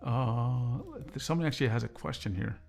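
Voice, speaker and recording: A man hosting a casual livestream, reading viewer comments and talking in a calm, measured way. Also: mid-range voice, gravelly, soft background music. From United States. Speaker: livestream host.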